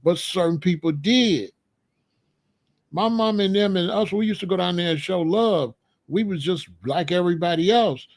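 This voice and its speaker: A man's voice: high-pitched, normal speed. A man giving a blunt, streetwise commentary monologue, repeating his points. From Chicago. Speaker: commentary host.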